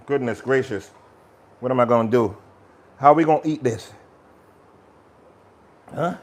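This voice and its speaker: A man hosting a live cooking stream, chatting energetically and talking straight to his viewers. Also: mid-range voice. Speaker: cooking channel host.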